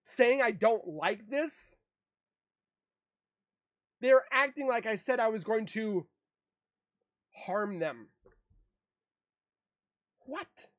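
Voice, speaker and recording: A man's voice: sits high, expressive, slow pace, pauses often, no room sound, clean studio sound. A man in an emotional, defensive monologue to camera, rambling and repeating himself as a true crime YouTuber. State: emotional, upset.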